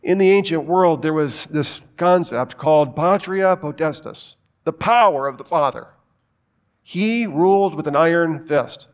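A man delivering a sermon with a voice a little higher than most. He talks emphatically, piles up rhetorical questions and slips in joking asides. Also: unhurried. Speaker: preacher.

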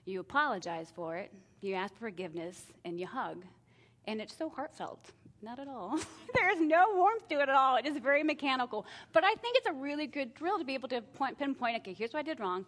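A middle-aged woman talks through parenting advice in a relaxed, chatty way. She slips into lively put-on voices for her kids and herself and laughs at her own slip-ups. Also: fairly high pitch, fairly quick. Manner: animated, acts out family exchanges with self-deprecating laughs. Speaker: parenting speaker. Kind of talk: casual talk on parenting.

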